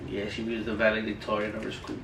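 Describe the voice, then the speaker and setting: A man's voice: fairly low pitch, completely flat delivery, quick pace, creaky, fairly bright tone, reverberant, far from the mic, a little hiss or hum, poor audio. A father telling family stories in casual chat, joking and boastful.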